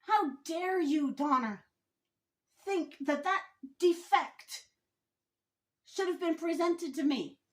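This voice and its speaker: A woman playing a stern old Santa who scolds with indignant disapproval. The voice sits high and moves at an unhurried pace. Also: expressive, heavily acted. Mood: scolding.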